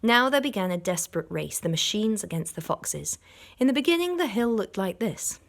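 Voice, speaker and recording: A woman primary school teacher gives an expressive storybook reading to children, breaking off to explain words. Her pitch is medium, and she talks at a normal speed.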